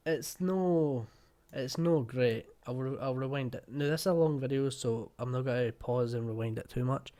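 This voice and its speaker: A man's voice: mid-range voice, moderate pace, dark tone. A man with a broad Fife Scottish accent, hosting a casual reaction video in a chatty, rambling way. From Scotland, Fife. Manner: chatty, rambling, with many fillers.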